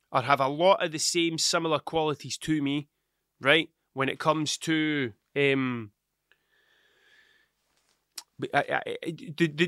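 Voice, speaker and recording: A man's voice: on the high side, sharp tone, clear, resonant tone, no echo, studio quality. A man, a father, rambling through a casual solo podcast monologue, swearing often and losing his train of thought. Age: adult with children. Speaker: podcast host.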